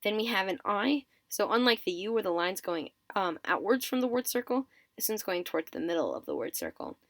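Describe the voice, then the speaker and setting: A woman's voice: mid-range voice, sing-song, fairly quick, a bit bright, no echo. Methodical woman explaining a writing system. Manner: methodical, counts items aloud, corrects herself. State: sleepy, yawning. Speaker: teacher of a constructed script. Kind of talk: step-by-step explanatory tutorial.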